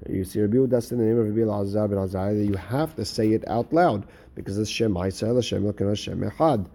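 Mellow-voiced man teaching Talmud. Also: fairly low pitch. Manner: reads Aramaic text quickly, then explains in English with many "uh"s and restarts. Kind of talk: Talmud lesson, reading and translating.

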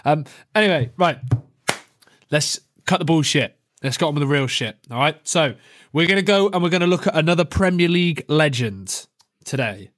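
A young man co-hosts a casual football podcast, his voice sitting a little high. He jokes and laughs his way through the talk, dropping swear words freely. The sound is close and dry. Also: normal speed, a bit bright, dry recording. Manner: laughing, swearing, jokey banter. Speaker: podcast co-host.

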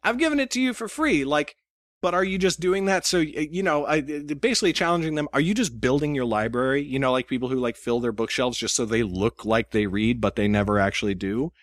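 A man talking as a guest on a podcast, animated and self-mocking, acting out the emails he sends. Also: mid-range voice, fairly quick, no room sound, clean studio sound. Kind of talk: casual interview chat.

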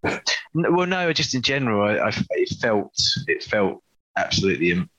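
Deep-voiced guy with a bright forceful edge, keen podcast chatter. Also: very animated, moderate pace, highs cut off. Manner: enthusiastic, restarts his sentences often. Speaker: podcast co-host. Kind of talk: casual chat.

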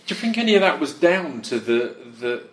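A man hosting a casual interview, speaking haltingly with frequent restarts. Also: a little high, very animated, a bit bright, slight background noise. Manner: halting, restarts often, many agreeing yeahs.

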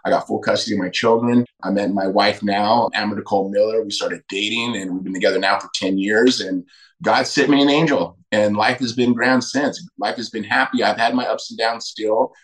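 A man's voice: lowish voice, fairly even intonation, a little fast, a bit bright, low-quality recording. A middle-aged man, a podcast guest, telling candid personal stories emphatically and acting out quoted dialogue. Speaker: podcast guest, retired fighter.

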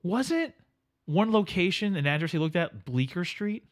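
A man with a high-pitched, very animated voice co-hosts a podcast in casual chat. He jokes and rambles, talking quickly and using many fillers.

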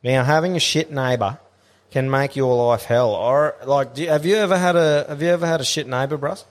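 A man's voice: mid-range voice, brisk, in a large hall. A young man co-hosting a podcast, telling a crude story with lots of swearing and laughter. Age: young adult. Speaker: podcast co-host. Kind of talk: casual podcast banter.

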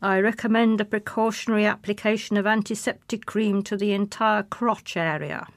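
Deadpan monotone bike-depot guy, no humour at all, read out by a woman, dry close sound. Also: high-pitched, normal speed, creaky, dry recording. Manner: flat monotone.

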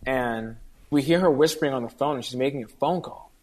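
A man's voice: mid-range voice, a little fast, darkish tone. A man telling a long personal story in casual conversation, earnestly acting out the dialogue of the people in it. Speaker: guest.

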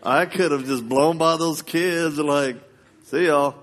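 A male preacher giving a sermon, telling a story in a loose, colloquial and animated way. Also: a little high, a little slow.

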